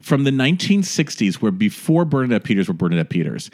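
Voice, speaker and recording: Animated man hosting a chatty podcast. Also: medium pitch, fast. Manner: playful, animated storytelling. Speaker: podcast host. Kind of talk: casual podcast chat.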